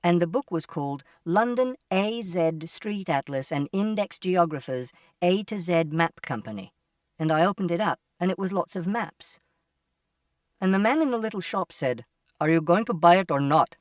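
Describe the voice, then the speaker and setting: A man's voice: high-pitched, expressive, normal speed, dry recording. A man reading a novel aloud in the first person, giving a plain, literal, step-by-step telling. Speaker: audiobook narrator. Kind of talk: first-person audiobook narration. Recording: distant mic, dry sound.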